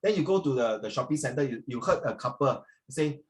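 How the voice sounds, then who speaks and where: A Singaporean man leads a social studies lesson in a classroom, lively and joking with his students. He slips between English and Mandarin and mimics everyday Singlish phrases to make his point. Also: medium pitch, fairly quick.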